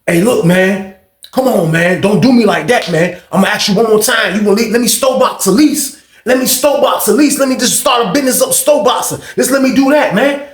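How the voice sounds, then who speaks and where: A man's voice: high-pitched, a little fast, roomy sound, voice pushed up, close to an everyday voice. A man voicing a pushy older male inmate who keeps pleading and insisting. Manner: wheedling, insistent.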